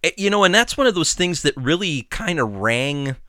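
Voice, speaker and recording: A man co-hosting a podcast, talking casually with many pauses and restarts. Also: fairly high pitch, big pitch swings, pushed and bright, dry recording, studio quality. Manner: halting, many fillers and restarts. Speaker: podcast co-host. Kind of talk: casual chat.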